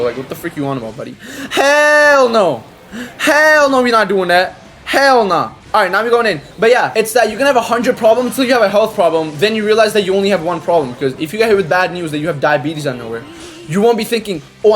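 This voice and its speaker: A teenage man talks fast and a little high, rambling in slang while he plays, often breaking into loud excited outbursts. Faint music runs underneath his voice. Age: teens. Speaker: gaming creator. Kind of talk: casual chat over gameplay.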